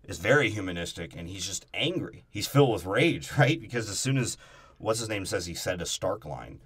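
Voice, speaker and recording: Podcast co-host, man, lower voice, loose and profane casual chat. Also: fairly quick, slightly rough. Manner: profane, animated, laughs often. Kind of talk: casual movie discussion.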